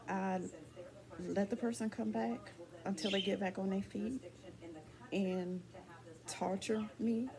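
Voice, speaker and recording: A woman's voice: fairly low pitch, vocal fry. A woman talking candidly and ramblingly in a casual personal vlog to her viewers, asking them for advice. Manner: candid, rambling, dialect speech with restarts.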